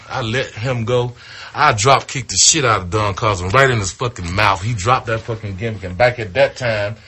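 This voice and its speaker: Male storyteller, low register, foul-mouthed and animated, casual anecdote. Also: slightly rough. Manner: profane, animated, acts out quotes. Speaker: retired wrestler telling a story.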